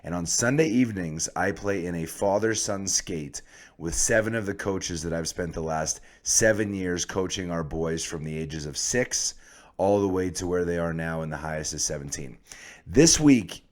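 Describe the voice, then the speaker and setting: A man hosting a podcast, talking in a casual, joking way with a hoarse voice. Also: deep voice, normal speed. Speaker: podcast host.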